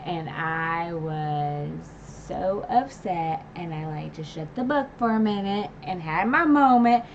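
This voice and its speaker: A woman's voice: on the low side, lively intonation, takes it slowly, slight background noise. A woman streamer casually recapping a novel's final chapters in a chatty way, with constant filler words and emotional asides. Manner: retells scenes with emotional asides and laughs. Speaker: book channel streamer. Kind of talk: casual livestream book recap. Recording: dull lo-fi stream audio.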